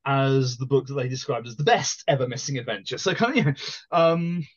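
A man co-hosting a podcast, talking through his book pick with many pauses and restarts. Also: medium pitch, no room sound, lo-fi sound. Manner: hesitant, many fillers and restarts. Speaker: podcast co-host. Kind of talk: casual book discussion.

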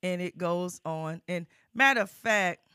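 A preacher delivering a sermon, constantly adding amen and praise God, building into loud, fervent calls. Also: medium pitch, a little slow, clear, resonant tone, no echo, studio quality.

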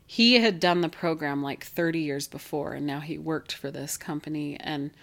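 A woman's voice: low-pitched, moderate pace, vocal fry, few pauses, a bit bright. A woman speaking as a podcast guest, telling a personal story in a candid, chatty way, with frequent "like" fillers as she retells what others said.

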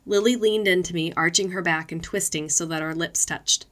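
A woman narrates adult fiction aloud in an even, unhurried way. Her voice sits on the low side yet sounds bright and tense at the edges. The reading stays steady and measured throughout.

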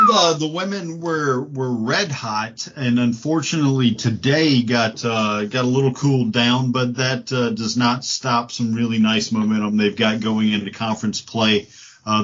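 A man's voice: fairly low pitch, slightly rough. Laid-back man chatting sports, lo-fi. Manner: relaxed, rambling, many fillers. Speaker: sports podcast co-host. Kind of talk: casual sports chat. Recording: dull lo-fi audio.

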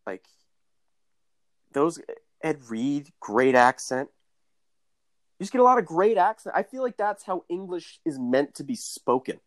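A man's voice: on the high side, big pitch swings, measured pace, long pauses, no echo. A young man co-hosting a podcast, rambling and joking in casual chat. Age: young adult. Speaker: podcast co-host.

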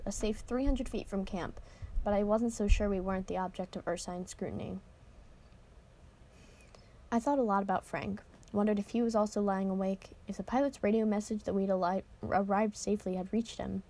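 A woman's voice: medium pitch, fairly even intonation, moderate pace, warm tone. Woman reading a novel aloud, casual. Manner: casual asides, occasional cursing and restarts. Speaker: reader. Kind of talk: informal novel read-aloud.

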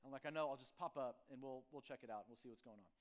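A man's voice: mid-range voice, racing. A man preaching and praying as a pastor, then telling a casual, self-mocking story with lots of fillers. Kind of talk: sermon with prayer and personal story. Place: church sanctuary.

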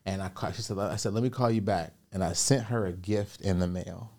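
A man, a podcast guest and business coach, telling a personal story and giving motivational advice in an animated way, acting out the voices he quotes. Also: low-pitched, a little fast.

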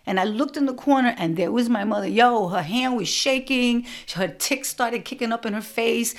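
A middle-aged woman hosting a show, telling family stories in an animated, punchy way with sudden loud bursts. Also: a little high, normal speed. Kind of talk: storytelling monologue.

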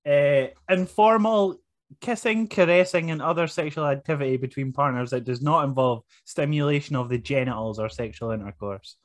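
A man's voice: a little high, normal speed, no room sound. A man, co-hosting a casual podcast chat, joking and laughing often. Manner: laughs often, jokey and rambling. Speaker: podcast co-host.

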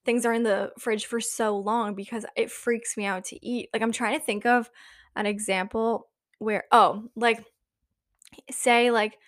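A woman's voice: fairly high pitch, level tone, unhurried, no echo. Chatty young woman, dry close sound. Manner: rambling, many "like" fillers, laughs often. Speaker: vlogger. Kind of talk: casual confessional chat.

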